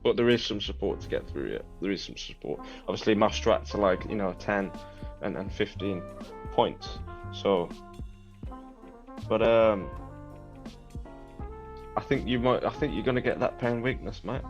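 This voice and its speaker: A man with a fairly low voice talks through his trades in relaxed, matey banter on a live show. The audio is a little muffled, with faint music underneath. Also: normal speed, pauses often. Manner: matey banter, says "mate" often. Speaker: co-host of a live trading show. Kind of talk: casual trading chat.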